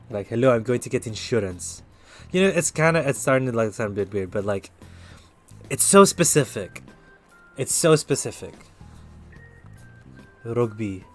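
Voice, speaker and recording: Chatty New man reading tarot. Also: medium pitch. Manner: chatty, talks straight to chat viewers, loose and upbeat. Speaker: tarot reader and live streamer. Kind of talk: casual live-stream tarot reading.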